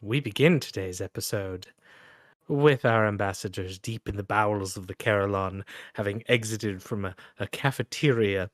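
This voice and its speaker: A man running a tabletop game as game master, narrating the scene in a measured, descriptive way with small restarts. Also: lowish voice, no room sound, studio quality.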